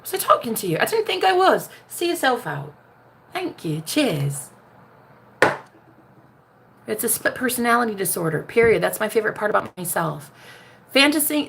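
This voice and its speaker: Brief: brash, profane American woman coach, fairly high lively voice with some fry. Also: a little hiss or hum. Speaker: spiritual manifestation coach. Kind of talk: casual livestream talk.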